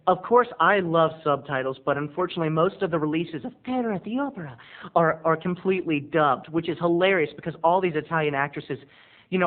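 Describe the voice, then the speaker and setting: High voiced guy doing a campy movie review vlog, lots of drama, tinny phone-like audio. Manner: animated, campy storyteller. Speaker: video blogger. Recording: tinny lo-fi recording.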